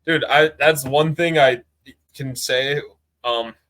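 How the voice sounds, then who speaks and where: Chill guy cohosting a football pod, mid pitch, kinda hesitant, trails off a lot. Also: fairly even intonation, slow, fairly bright tone, poor audio. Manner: laid-back, hesitant, trails off with filler. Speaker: podcast co-host. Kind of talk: casual podcast chat.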